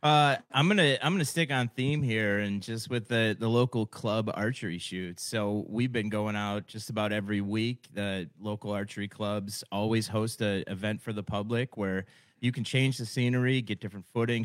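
Steady low-voiced man. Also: no room sound, clean studio sound. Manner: steady, informative. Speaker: co-host. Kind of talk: casual chat.

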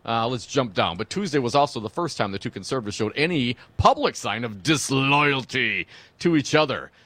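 A man's voice: mid-range voice, lively intonation, normal speed, fairly bright tone, no room sound. A man co-hosting political talk radio, reading news with blunt, wry remarks. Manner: blunt, wry commentary with frequent "uh" fillers.

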